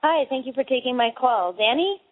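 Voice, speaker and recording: A woman caller from Texas asks her questions politely and eagerly. Her voice is high and bright. It comes through a tinny phone line. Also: lively intonation, fairly quick. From Houston, Texas.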